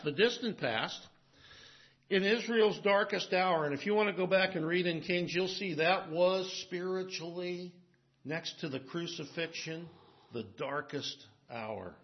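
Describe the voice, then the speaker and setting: A man preaching a sermon as pastor, swinging between emphatic, raised lines and hushed, low asides. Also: a little slow, lo-fi sound.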